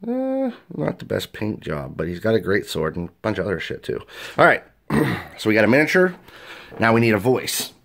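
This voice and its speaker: A man's voice: fairly low pitch, wildly swooping pitch, moderate pace, gravelly, fairly bright tone. A man, a game master, hosting a casual tutorial and explaining tabletop role-play in a chatty way. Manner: chatty and explanatory, with frequent fillers. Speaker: game master and video host.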